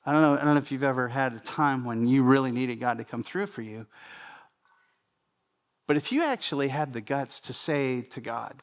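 A man's voice: medium pitch, moderate pace. A man preaching a sermon in a conversational way, often repeating phrases and speaking straight to the congregation. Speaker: pastor.

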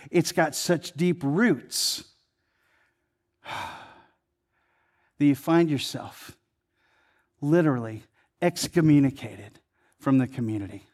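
A man preaching a sermon in a conversational way, building to emphatic peaks and then dropping low. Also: darkish tone. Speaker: pastor.

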